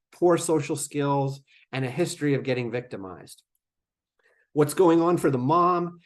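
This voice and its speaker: A man presenting a webinar lecture in a conversational way, with fillers and asides to the audience. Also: fairly high pitch. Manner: conversational, with fillers and acted-out quotes. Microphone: remote webinar microphone.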